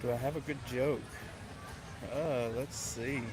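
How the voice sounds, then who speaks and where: A man's voice: mid-range voice, fairly even intonation, unhurried, noisy background. A man chatting as a guest in a casual talk, easygoing and agreeable. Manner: easygoing, agreeable, tells a joke with hand motions. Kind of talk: casual chat.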